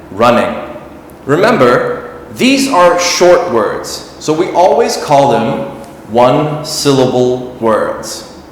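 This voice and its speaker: A man teaching an English grammar lesson, speaking slowly and deliberately and repeating words for learners to say after him. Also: medium pitch, a little hiss or hum. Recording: echoey room with long reverb.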